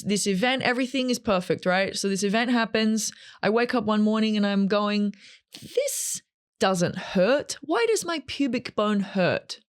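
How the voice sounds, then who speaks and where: A woman in her thirties telling a personal story to camera in a chatty, animated way, acting out what people said. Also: medium pitch, smooth, dry recording, clean studio sound. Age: 30s. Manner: chatty and animated, acts out quotes. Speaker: vlogger.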